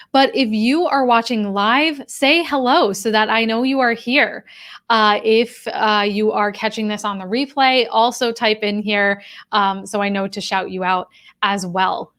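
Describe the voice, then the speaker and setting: Female coach, live-stream talk, direct and conversational with her audience. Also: medium pitch. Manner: direct, conversational, addresses viewers. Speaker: career coach and professor of human behavior.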